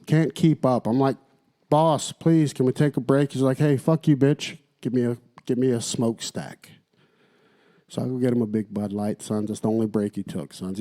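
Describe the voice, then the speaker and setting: A man co-hosting a podcast, his voice dark and mellow. He rants in a profane, mock-preachy way, calling his listeners "sons" and swearing freely through casual chat. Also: medium pitch. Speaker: podcast co-host.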